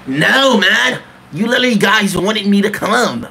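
Slow, gravelly young guy streaming. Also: high voice, expressive, pushed and bright, slight background noise. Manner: jokey mock-teen slang, laughing often. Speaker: livestreamer. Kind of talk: comedic livestream chat in an emo persona.

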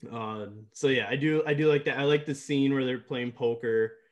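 A man's voice: medium pitch, normal speed, lo-fi sound. A man co-hosting a casual movie podcast, rambling with lots of fillers and laughing often. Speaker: podcast co-host.

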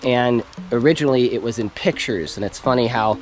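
A man's voice: mid-range voice, brisk, a little hiss or hum, rough recording. A man hosting an outdoor vlog by a stream, chatting eagerly and asking curious questions. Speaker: host. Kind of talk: casual outdoor vlog chat. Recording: outdoor talk under loud music. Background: music.

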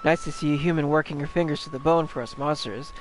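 Rowdy skeleton pirate, gruff sailor slang, pitched up, put-on British pirate accent, done by a man reading game lines. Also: fairly even intonation, fast, slight background noise, close to an everyday voice, rough recording. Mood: teasing. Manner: gruff, rough sailor slang, teasing threats. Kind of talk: reading game dialogue aloud in voices.

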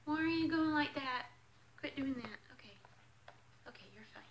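A woman vlogging as she unboxes a clothing subscription box, chatting casually and gushing with excitement. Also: high voice, moderate pace, pauses often, a little hiss or hum, poor audio.

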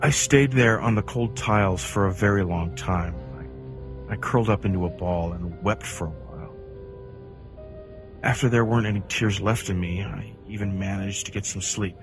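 Brief: deep male narrator for a creepypasta read, intense and dramatic, faint music underneath. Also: moderate pace. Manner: intense, swings from hushed to near-shouting. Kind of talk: dramatic horror story reading.

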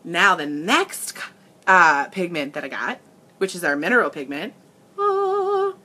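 A woman hosting a casual makeup livestream, gushing with excitement and tearful gratitude as she greets her viewers. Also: deep voice, normal speed, breathy edge.

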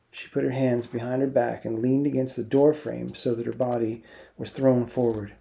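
A male teacher narrating a novel aloud, calm and unhurried. His voice is gravelly with a dark, mellow tone. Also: medium pitch.

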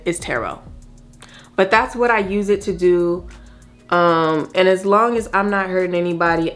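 Chatty, low-voiced woman vlogger. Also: a bit bright. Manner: chatty and rambling, addresses viewers directly. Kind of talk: casual get-ready-with-me chat. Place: at home doing her makeup.

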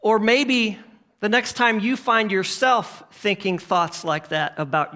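A man preaching a sermon, swinging from emphatic questions to hushed near-whispers. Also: high voice, takes it slowly. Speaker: pastor.

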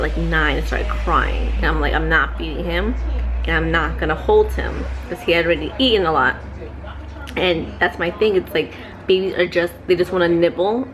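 A woman, a mother, telling a lively casual vlog story at home to a handheld camera, adding playful sound effects. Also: fairly low pitch. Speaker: vlogger and mother.

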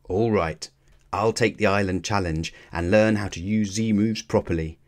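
An eager young boy trainer bursts with excitement in a children's storybook, as a man reads him aloud. The voice sits low, with a bright, lifted delivery. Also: moderate pace, lightly acted.

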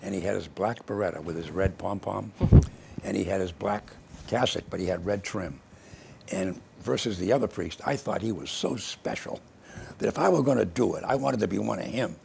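A man's voice: lowish voice, creaky, a little mellow, slight background noise. An older man hosting a local TV interview, telling rambling stories with many restarts. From Massachusetts, US. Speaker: TV show host. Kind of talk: casual interview chat. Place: local cable TV studio.

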